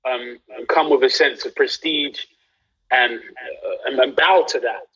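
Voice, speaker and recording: Husky young London man, lo-fi stream. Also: mid-range voice, a little slow. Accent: London English. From England. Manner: relaxed storytelling, animated when recounting anecdotes. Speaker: actor guest. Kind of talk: casual interview over a live stream.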